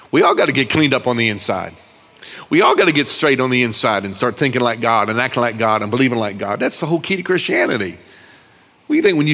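A male pastor preaching an animated, joking sermon to a congregation, calling for their responses. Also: on the high side. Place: church sanctuary. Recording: long reverb of a large hall.

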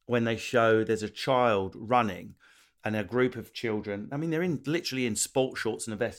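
A man from England with an Essex accent, a comedian and podcast host chatting casually, swearing freely and acting out voices. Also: fairly low pitch. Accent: Essex English. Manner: animated, swears freely, acts out voices mid-story. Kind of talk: casual chat.

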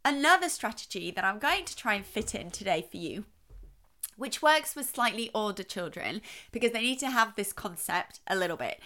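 Bright, animated woman giving parenting advice. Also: medium pitch. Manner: playful, exaggerates her voice to demonstrate. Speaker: child psychologist host.

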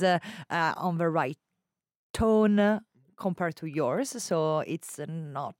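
A woman's voice: deep voice, takes it slowly, a little mellow, no room sound, clean studio sound. A woman from Italy with an Italian accent, interviewing in conversation, hesitant and searching for words.

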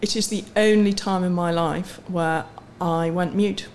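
A woman's voice: on the low side, fairly even intonation, a little slow, darkish tone, a little hiss or hum. A middle-aged woman guest on a podcast, a chief executive, chatting frankly and mocking herself with easy laughter. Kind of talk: casual podcast interview.

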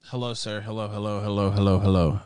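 A man hosting a casual podcast, talking in a profane, excitable, sarcastic way. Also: lowish voice, quick pace, clear, resonant tone, no echo. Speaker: podcast host. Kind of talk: casual live-stream commentary.

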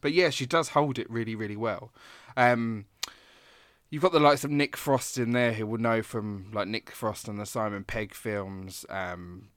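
A man's voice: on the low side, unhurried, a bit bright, no echo, studio quality. A man in his thirties co-hosting a casual film review podcast, rambling with many hesitations. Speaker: podcast co-host.

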